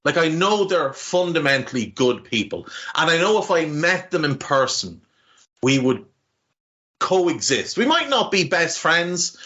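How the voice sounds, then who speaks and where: A man's voice: fairly high pitch, pushed and bright, dull audio. A man with a Navan Irish accent, co-hosting a podcast in casual chat, rambling and heartfelt with many restarts and casual swearing. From Ireland. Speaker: podcast co-host.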